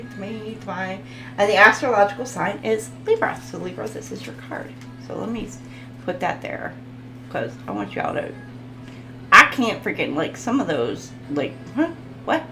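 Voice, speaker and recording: A woman's voice: medium pitch, fairly bright tone, a little hiss or hum, rough recording. A woman hosting a casual live tarot reading, chatting with viewers, laughing often and stumbling over foreign words. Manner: talks to viewers in the chat.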